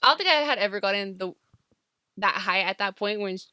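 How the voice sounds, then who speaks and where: A young woman co-hosting a casual podcast, telling an animated story and acting out what was said. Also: mid-range voice, fairly quick. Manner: animated storyteller, soft quoted asides. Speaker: podcast co-host.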